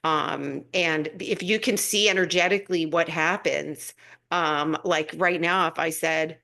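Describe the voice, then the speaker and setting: A woman's voice: on the low side, steady tone, normal speed, sharp tone. A woman hosting a live stream, giving a casual spiritual talk in an earnest, rambling way with frequent laughter and restarts.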